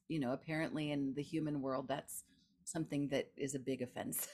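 A woman guest author in an interview, telling a personal story in an animated way, laughing and acting out the voices of others. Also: sits low.

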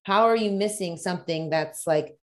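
A woman's voice: fairly low pitch, normal speed. A woman in a reflective casual conversation who speaks hesitantly, restarting her sentences. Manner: thoughtful, hesitant, many restarts.

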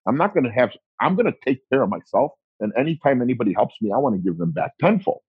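A man in his forties talking casually as an interview guest, rambling and self-deprecating, quick to laugh. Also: medium pitch, sing-song, husky, no echo, narrow, tinny audio. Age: 40s.

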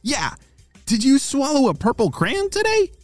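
Man putting on a squeaky excitable little girl. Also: moderate pace, no echo, soft background music, heavily acted. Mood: puzzled. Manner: squeaky and high, bursting with questions. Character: curious, excitable young girl sidekick.

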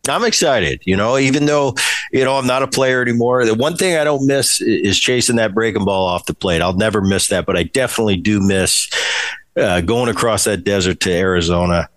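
Low-voiced man telling ballplayer stories. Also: brisk. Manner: animated, acts out quoted exchanges. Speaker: podcast host, former ballplayer. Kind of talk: casual storytelling chat.

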